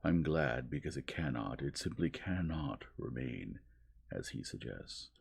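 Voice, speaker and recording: Man reading as a proud torn young officer, deep gravelly and husky, soft storybook voice. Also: animated, measured pace, full character voice. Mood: earnest, imploring.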